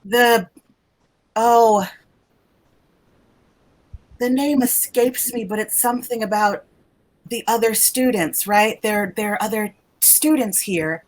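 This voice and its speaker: A woman voicing a lonely, shy female student ghost who speaks softly and haltingly in a tabletop game. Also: fairly high pitch, rough recording. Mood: wistful. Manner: soft, hesitant and halting.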